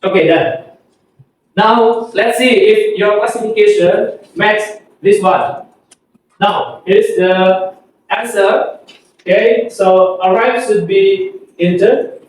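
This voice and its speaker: A man with an Indonesian accent, teaching an English pronunciation lesson and repeating words slowly for students to copy. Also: sits high, fairly even intonation. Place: classroom. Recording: echoey room, far from the mic.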